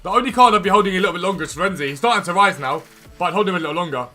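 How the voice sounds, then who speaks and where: Give me a male streamer with a high, bright voice, rattling off quick answers to his live chat. He talks fast and keeps it chatty, with faint music under him. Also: expressive.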